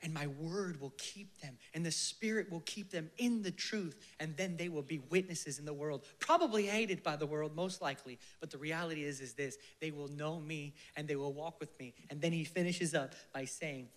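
A preacher delivering a sermon in a somewhat higher voice, full of fervent conviction. He drives his points home with loud emphatic bursts, then drops to a soft, breathy near-whisper. He leads the listeners in prayer with slow, reverent phrasing.

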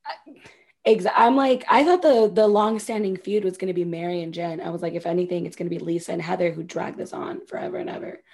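A woman's voice: fairly low pitch, fast talker. A woman co-hosting a podcast, recapping a reality show in casual, profane, gossipy chat, acting out the cast members' lines. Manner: gossipy, profane, animated quoting. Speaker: podcast co-host.

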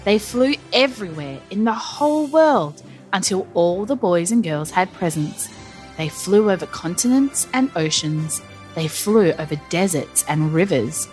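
Slow, animated woman reading a children's story. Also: mid-range voice. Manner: lively, animated, slow-paced narration.

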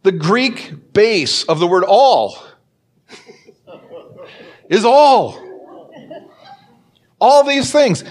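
A man preaching a sermon as pastor, telling a story and acting out the quoted voices with big swings in pitch. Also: big pitch swings, extremely slow, long pauses.

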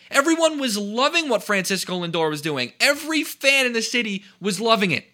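A man's voice: very high-pitched, pushed and bright. A man delivering a heated, indignant sports talk rant, emphatic and repeating phrases for emphasis. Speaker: sports commentator.

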